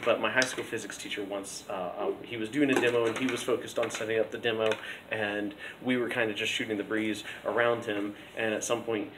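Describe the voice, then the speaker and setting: A man's voice: on the low side, little pitch movement, brisk. A male teacher talking casually to his class, rambling with many ums and restarts. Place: school classroom. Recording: echoey classroom with loud background noise.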